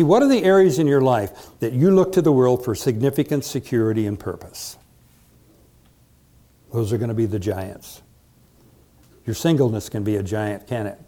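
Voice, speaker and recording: Dramatic, mellow-voiced male preacher. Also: mid-range voice. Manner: dramatic storytelling, rising loud for quoted lines, joking asides. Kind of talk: sermon retelling a Bible story.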